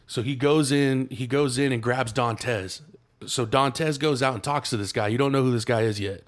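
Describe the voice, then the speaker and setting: A man's voice: medium pitch, moderate pace. Casual, cursing man retelling a movie. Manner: loose, profane storytelling with slang and restarts. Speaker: podcast co-host.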